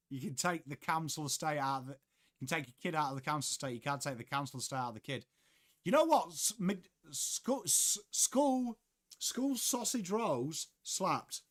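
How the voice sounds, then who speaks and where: A young Englishman hosts a live sports watchalong, chatting casually, reading viewers' messages aloud and swearing offhandedly. His voice is on the high side and fairly bright, at a moderate pace.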